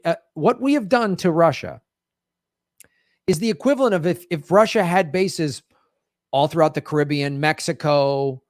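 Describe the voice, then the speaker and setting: High-voiced, fired-up man ranting. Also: no echo, clean studio sound. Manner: emphatic, rambling, talks over clips with restarts. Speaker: political commentary show host. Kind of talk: animated political commentary.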